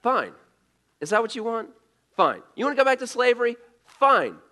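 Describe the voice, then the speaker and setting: Moses, a fed-up prophet, as a preacher puts him on. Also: male voice, very high-pitched, a little slow, pushed and bright, pitched above the performer's own voice, heavily acted. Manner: exasperated, emphatic, repeating himself. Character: exasperated male prophet leader, fed up. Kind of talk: sermon.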